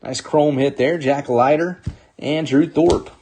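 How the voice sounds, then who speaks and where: A man's voice: fairly high pitch, takes it slowly, mellow, a little hiss or hum. A man hosting a live sports card break, upbeat as he calls out players and teams while opening packs.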